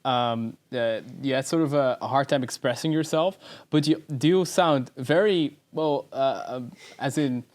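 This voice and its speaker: A man co-hosting a casual podcast interview, asking questions in a halting way with many repeated words. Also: mid-range voice, darkish tone. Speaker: podcast co-host.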